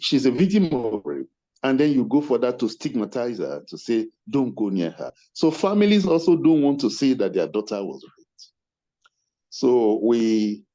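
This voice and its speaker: Older man, lowish voice, mellow and dark tone, earnest measured convener, muffled video-call audio. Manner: earnest, measured, thanks attendees by name. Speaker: webinar convener. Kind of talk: closing remarks on a webinar.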